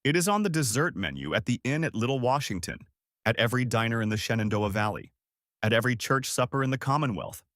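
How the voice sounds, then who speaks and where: A man giving scripted documentary narration in a measured, declarative way, with clipped short sentences. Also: mid-range voice, animated, a bit bright, dry recording, studio quality.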